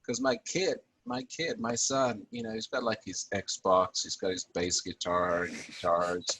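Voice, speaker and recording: Low-voiced, easygoing man, halting. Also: fairly even intonation, a bit bright, slight background noise. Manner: easygoing, halting, repeats words. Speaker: podcast co-host. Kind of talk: casual chat.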